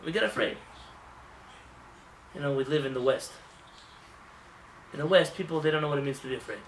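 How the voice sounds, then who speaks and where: A man rabbi giving a lively, joking sermon in a synagogue, acting out voices as he talks. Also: on the high side, fairly quick, recorded from a distance, slight background noise. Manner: animated, acts out voices, jokes with the congregation. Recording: roomy hall with faint ambience.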